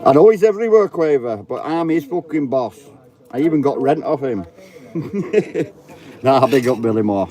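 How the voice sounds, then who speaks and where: A man's voice: mid-range voice, animated, moderate pace, pauses often, dark tone. A man, chatting casually outdoors in the rain, joking and swearing freely. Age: 30s. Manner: chatty, swears a lot, jokey banter. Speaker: vlogger. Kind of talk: casual chat to camera. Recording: outdoor crowd noise. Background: crowd chatter.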